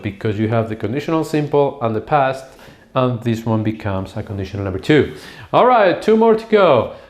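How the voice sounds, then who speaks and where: A man's voice: medium pitch, very animated, a little slow, background noise. Male teacher in echoey room. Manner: patient, step-by-step explaining, drawing out words as he writes. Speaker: English teacher. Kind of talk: grammar lesson at a whiteboard. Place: classroom with a whiteboard.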